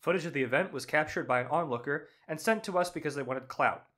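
A man hosting a comedy news show, delivering lines with an exasperated, deadpan edge. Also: on the high side, fast. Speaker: news host. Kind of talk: comedic fake news anchoring.

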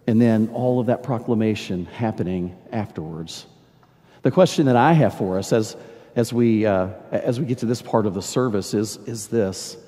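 An older man preaching a sermon as pastor, telling stories in a warm, halting way and repeating words as he searches for them. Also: medium pitch. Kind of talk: sermon with storytelling. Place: large church sanctuary. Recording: long church reverb.

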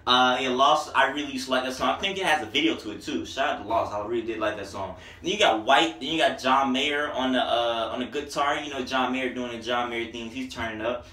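Young male reviewer, casual and excitable, slangy talk, bright voice, echoey room, off-mic. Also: medium pitch, fairly quick, few pauses, recorded from a distance. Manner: excited, slangy, sings snippets along with the tracks. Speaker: music reviewer.

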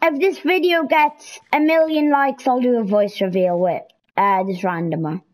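A young woman giving casual, excitable commentary while playing a video game, pleading with and scolding game characters. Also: a little high, normal speed, rough recording. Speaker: gameplay streamer. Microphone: headset or console mic.

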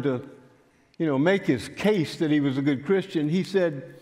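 An older man, telling a story in a sermon in a folksy, unhurried way. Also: a little high, darkish tone. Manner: folksy, unhurried, frequent fillers. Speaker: pastor. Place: church sanctuary. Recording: church hall with long reverb.

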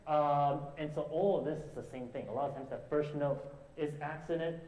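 A man's voice: fairly high pitch, steady tone. Man coaching piano, singing rhythms. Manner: sings rhythms aloud to demonstrate; halting, many restarts and fillers. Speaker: piano teacher giving a master class. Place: concert hall with piano. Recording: roomy hall sound with loud piano. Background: piano playing.

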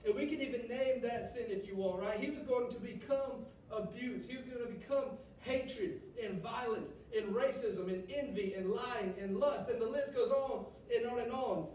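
A man's voice: moderate pace, hardly any pauses, darkish tone. A man preaching a sermon to a student group in a conversational way, often tagging "right?" onto his points. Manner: conversational, rhetorical "right?" asides. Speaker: youth pastor. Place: church hall. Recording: echoey hall, mic from a distance, faint rumble.

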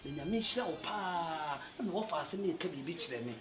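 An actor with a Ghanaian accent playing a lively man who talks with exclamations in Twi. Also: fairly high pitch, fairly quick, music in the background, lightly acted. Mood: solemn. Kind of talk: film drama acting.

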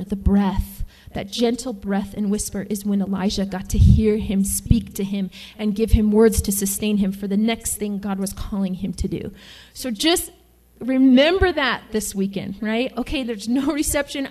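A woman teaching a sermon at a women's retreat, talking in a chatty, animated way and acting out quoted voices. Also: on the high side. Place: lodge meeting room.

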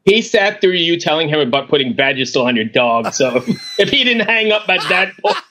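A man's voice: on the high side, big pitch swings, a little fast, noisy background. A man hosting a podcast, easygoing and laughing as he wraps up an interview. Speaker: podcast host. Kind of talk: casual podcast chat.

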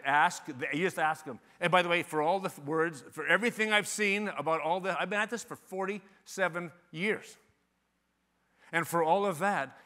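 A man in his sixties giving a lively sales talk to a conference audience, acting out quoted phone calls with a lot of back-and-forth. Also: on the high side. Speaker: conference speaker. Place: conference hall stage.

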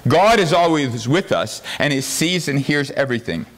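A man's voice: on the high side, expressive, normal speed. A pastor preaching a sermon, earnest and tender in his storytelling, rising to fervent emphasis.

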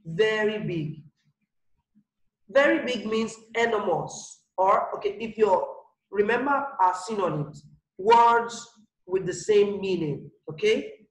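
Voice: mid-range voice, reverberant, rough recording. A primary school teacher giving an online English grammar lesson, repeating each example and checking that pupils understand. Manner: repetitive, explains slowly with examples, checks understanding.

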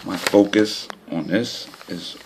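A man talking casually to his viewers about his lottery system, pointing things out on a chart, by turns excited and frustrated. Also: deep voice, slow, a little hiss or hum. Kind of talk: casual talk to camera.

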